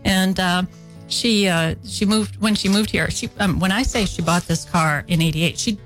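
A woman's voice: fairly low pitch, normal speed, faint music behind, rough recording. A woman co-hosting a morning radio show, telling a local feature story in an easygoing way. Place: radio studio. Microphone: studio microphone.

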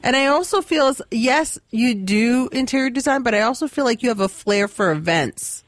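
A woman giving psychic readings to callers on a radio show, brisk and upbeat. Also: on the high side, animated, dry recording. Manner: brisk, upbeat, laughs often. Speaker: psychic reader. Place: radio studio.

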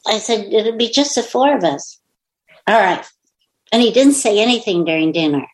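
A woman's voice: medium pitch, moderate pace, rough recording. Woman telling a personal story. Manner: animated storyteller who acts out quoted dialogue. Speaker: author, interview guest. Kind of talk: casual storytelling conversation.

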